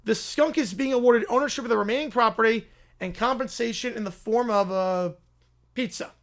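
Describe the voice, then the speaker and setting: Guy doing a deadpan judge, dry and flat, reading out silly rulings. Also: very high voice, brisk. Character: dry, businesslike male courtroom judge.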